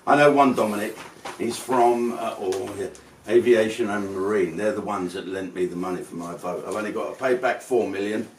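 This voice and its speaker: A man's voice: lowish voice, normal speed, slight background noise. A man hosting his own show with a rambling, sweary, mock-outraged comic monologue. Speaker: host. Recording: roomy sound from a distance.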